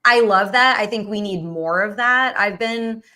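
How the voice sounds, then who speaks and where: A woman's voice: mid-range voice, unhurried, bright, forceful tone. A woman hosting a casual political chat, talking loosely with many fillers and restarts. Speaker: host.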